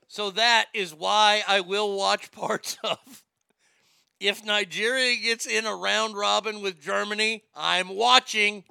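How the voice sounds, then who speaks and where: Male talk show host, gravelly, very bright tone, laughs a lot, stammers, crude jokes. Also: high voice, fairly even intonation, slow, no room sound, studio quality. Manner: laughs often, stammers and repeats words, crude joking. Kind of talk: comedic talk show monologue.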